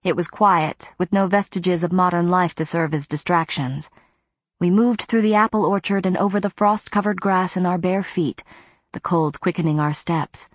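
A woman narrates a first-person novel in a measured, even voice. Her voice sits on the low side, recorded close on a studio mic. The sound is dry, with no room echo. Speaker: audiobook narrator.

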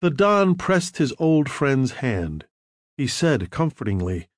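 A man narrating a novel in an expressive storytelling manner. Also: mid-range voice, takes it slowly, no echo, studio quality. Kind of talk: audiobook narration.

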